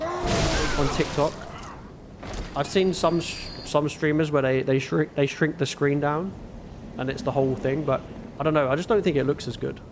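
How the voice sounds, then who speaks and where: A man with a northern English accent talks to his viewers during a gaming livestream, loose and rambling, thanking people as he goes. His voice has a gravelly rasp at its base, and a faint hum of room noise sits behind him. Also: fairly high pitch. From northern England. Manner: laid-back, rambling, thanks viewers often. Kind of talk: casual chat reading viewer messages while gaming.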